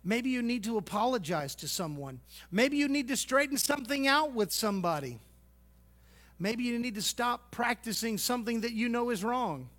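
A man preaching a sermon, folksy and teasing, swinging from loud exhortation to hushed asides. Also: very high-pitched, animated, moderate pace. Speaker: pastor.

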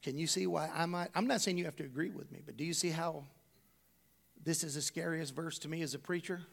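High, gravelly-voiced man preaching. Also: a little fast. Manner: emphatic, conversational preaching with rhetorical questions. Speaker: pastor. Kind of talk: sermon.

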